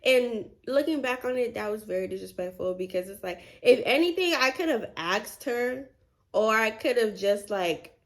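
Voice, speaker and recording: A woman in her twenties telling a story to her viewers in a vlog, animated and chatty, full of "like" and "y'all". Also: on the high side, normal speed. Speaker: vlogger.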